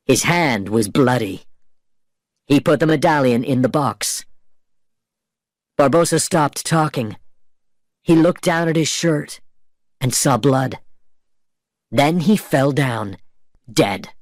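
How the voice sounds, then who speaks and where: Slow expressive storybook narrator, male. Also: mid-range voice, dry recording, studio quality. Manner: slow, clear, expressive reading. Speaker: reader of a graded story.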